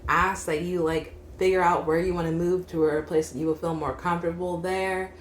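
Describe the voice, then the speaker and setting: Young woman tarot reader, low-pitched, casual and rambling, recorded in an echoey room. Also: little pitch movement, brisk. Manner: chatty, frequent "like" fillers, laughs while talking. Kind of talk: casual tarot reading monologue. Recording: echoey room with faint hum.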